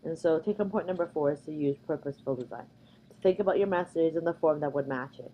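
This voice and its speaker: A woman's voice: low voice, fast, warm tone, slight background noise, low-quality recording. A woman from Canada giving a conversational recorded slide lecture, with frequent ums and uhs. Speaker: workshop presenter.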